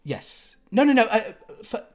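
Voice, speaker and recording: A woman's voice: a little high, big pitch swings, measured pace, a little mellow, voice pushed up. A man voicing a fussy, wealthy woman, breathless and fluttery, stammering and gushing endearments. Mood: fussing.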